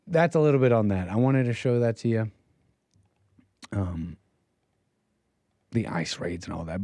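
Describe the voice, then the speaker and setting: A man's voice: medium pitch, mellow, dry recording. A man hosting a livestream, giving opinionated, mocking political commentary. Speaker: livestream host.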